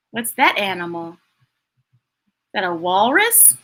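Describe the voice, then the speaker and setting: Storytime reader, woman, high voice with big swoops, unhurried pacing. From United States. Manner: animated, laughing often, chatty asides to young listeners. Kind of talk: reading picture books aloud to children.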